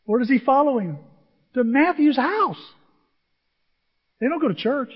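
A male pastor preaching a sermon, animated and acting out the people he quotes. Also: extremely high pitch, a little slow, husky. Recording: dull sound in a large reverberant hall.

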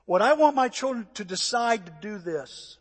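High-voiced, husky older pastor preaching. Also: male voice, normal speed. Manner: animated storytelling, acting out voices and shouts. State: out of breath. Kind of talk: sermon. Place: church. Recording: echoey church hall.

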